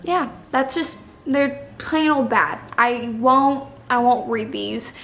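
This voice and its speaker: A young woman with a fairly high voice chats about her opinions in a casual, dramatic way. She sounds like she is in an echoey room, with a faint hiss of noise behind her. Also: slow pace, vocal fry, fairly bright tone. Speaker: book vlogger. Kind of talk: casual chat.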